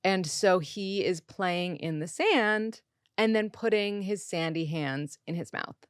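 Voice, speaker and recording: Woman podcast host, thirties, chatty and animated storyteller, dry close sound. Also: fairly low pitch, slow pace, smooth, no room sound. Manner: animated, quotes people in raised voices, swears. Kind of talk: casual storytelling.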